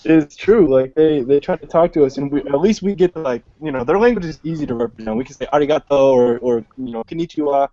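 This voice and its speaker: A man in a casual video chat jokes around in a crude, loose way. His voice sits a bit higher than most men's. The sound is dull and lo-fi, as a video call carries it. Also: fast, hardly any pauses, dark tone. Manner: joking, crude.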